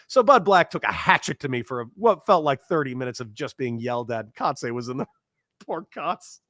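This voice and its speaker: Animated man telling a story. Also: mid-range voice, fairly quick, no room sound. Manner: animated storyteller, acts out quoted voices, laughs often. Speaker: interview guest, former baseball player. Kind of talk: casual storytelling interview.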